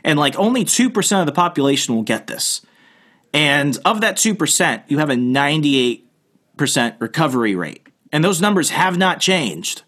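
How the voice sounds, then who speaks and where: A man hosting a casual podcast, telling a story in an animated, playfully mocking way. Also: on the high side, moderate pace.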